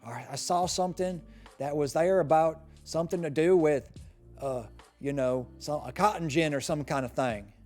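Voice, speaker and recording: Brief: a man doing a loud, indignant Southern parent with a put-on drawl, mellow low tone, faint music behind. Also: normal speed, natural voice. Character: blustering white Southern parent, male, middle-aged.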